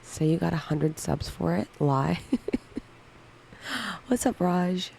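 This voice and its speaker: A woman's voice: fairly low pitch, expressive, slow pace, creaky, pauses often, a little mellow, slight background noise, rough recording. A woman in her thirties chatting casually on a livestream, candidly answering viewer questions one by one. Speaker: livestream co-host.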